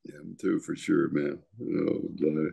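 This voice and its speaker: An older man with a very low, gravelly voice spins salty stories and chuckles between lines. His talk is loose and conversational, full of rough language. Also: steady tone, takes it slowly, dark tone. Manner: profane, chuckling storyteller. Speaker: retired baseball pitcher. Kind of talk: casual storytelling interview.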